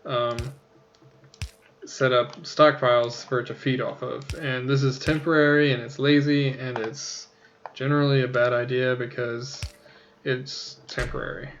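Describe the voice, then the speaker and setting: A man's voice: medium pitch, level tone, measured pace, fairly bright tone, highs cut off, a little hiss or hum. A man casually talking through a game tutorial, rambling, joking at his own expense and swearing now and then. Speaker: let's play host.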